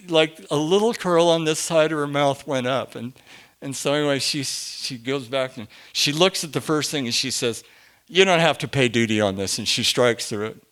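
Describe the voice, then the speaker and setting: Pitched fairly high, this middle-aged man recounts something from his own life to a group of listeners. His delivery is lively, full of laughter, and shifts between quiet murmurs and loud bursts.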